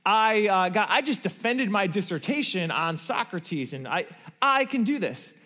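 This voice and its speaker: A man's voice: high-pitched, lively intonation, measured pace, pushed and bright, heavily acted. A man voicing an overconfident young male student who insists he can handle the test, in a long-reverb hall. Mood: pleading. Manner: insistent, pleading.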